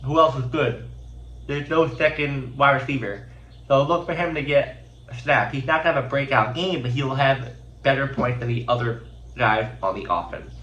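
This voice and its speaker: A man's voice: medium pitch, moderate pace, fairly bright tone, roomy sound, muffled recording, slight background noise. A man with a congested, sick voice running through casual fantasy football picks with many fillers and restarts. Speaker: host.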